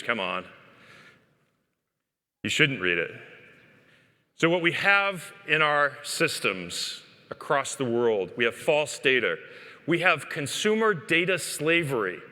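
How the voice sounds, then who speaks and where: A man giving a joking, animated conference talk, speaking straight to the audience in a conference hall. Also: a little high. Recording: long hall reverb.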